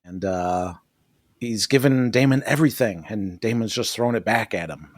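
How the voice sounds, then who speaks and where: A man's voice: lowish voice, normal speed, no echo, studio quality. Profane, joking male podcast co-host. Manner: profane, joking, laughs often. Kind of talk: casual podcast chat recapping TV episodes. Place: podcast studio.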